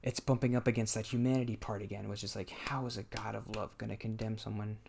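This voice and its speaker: Gravelly low-voiced man musing while gaming. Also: flat delivery, fast talker, a little mellow. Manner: thinking aloud, hesitant, restarts his sentences. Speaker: gameplay commentator. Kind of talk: casual talk while playing a game.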